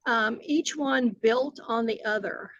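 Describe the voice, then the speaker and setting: A woman's voice: on the high side, takes it slowly, fairly bright tone, dry recording, muffled recording. An older woman, a retired agency director answering interview questions earnestly, with many fillers and restarts.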